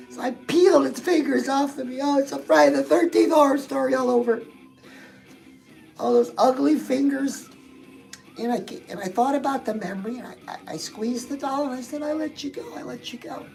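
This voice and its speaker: High, gravelly woman chatting to viewers. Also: darkish tone, low-quality recording. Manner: chatty, speaks straight to viewers and reads out their comments. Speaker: live-stream host. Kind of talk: casual motivational live-stream chat.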